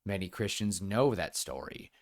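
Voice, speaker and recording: A man's voice: sits low, expressive, normal speed. A young man co-hosting a podcast, chatting casually and eagerly, with lots of restarts and fillers. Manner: enthusiastic, rambling with many restarts and fillers. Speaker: podcast co-host. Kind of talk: casual chat.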